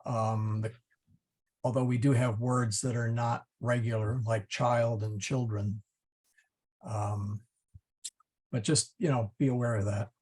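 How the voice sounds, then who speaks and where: A middle-aged man teaching a Latin class, halting, with many fillers and restarts. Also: mid-range voice, level tone, darkish tone. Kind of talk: class lesson.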